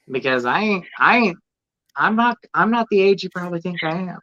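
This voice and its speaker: A man joins a casual chat as co-host, animated and joking, his voice bright and full of swoops in pitch. His audio comes through dull and lo-fi, as if from a remote feed. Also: fairly quick.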